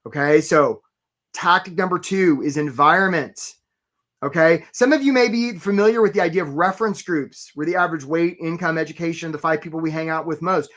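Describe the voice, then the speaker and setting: Man, career coach, live webinar host, animated, casual, acts out quotes. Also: on the high side, a little fast. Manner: animated, acts out quoted voices, greets attendees by name. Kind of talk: energetic live webinar talk.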